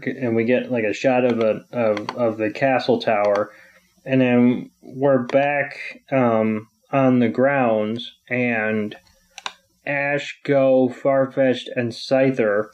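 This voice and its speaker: A male podcast co-host recapping a cartoon episode slowly and hesitantly, tossing in dry asides. His voice comes through a dull, slightly lo-fi mic. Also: mid-range voice, a little mellow.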